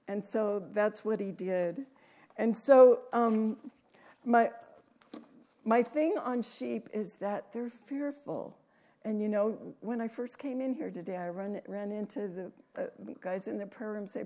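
A woman preaching in a church room, reading scripture with rising emphasis and adding chatty asides with soft laughs. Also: mid-range voice, a little slow.

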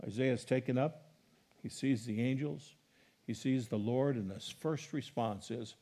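A middle-aged man preaches as a pastor at a moderate pace and medium pitch. He builds to loud, animated emphasis on scripture quotes and chats with his congregation between passages.

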